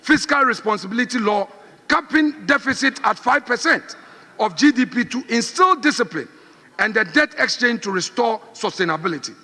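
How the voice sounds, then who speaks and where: A man's voice: very high voice, lively intonation, normal speed, pushed and bright. A middle-aged man with a Ghanaian accent giving an emphatic, combative parliamentary speech, repeating phrases for stress. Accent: Ghanaian English. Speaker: member of parliament. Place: large parliament chamber. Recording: reverberant chamber.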